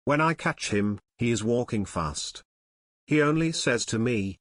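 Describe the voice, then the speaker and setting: A man's voice: mid-range voice, expressive, unhurried, dry recording. A man reading a storybook aloud in simple English, with short, plain sentences. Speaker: audiobook narrator.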